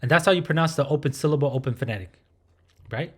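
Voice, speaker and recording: A man teaching a language lesson, who patiently demonstrates sounds and repeats them slowly, checking in with "right?". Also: a little high. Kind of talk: recorded lesson.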